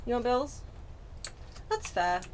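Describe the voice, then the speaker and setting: A British woman in her thirties, with a voice sitting a little higher than most, chats away as she plays a game on stream. She drifts between tangents with self-deprecating asides. A steady hiss of noise runs under the recording. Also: slow pace. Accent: British English. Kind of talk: casual chat while playing a game. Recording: noisy home stream audio.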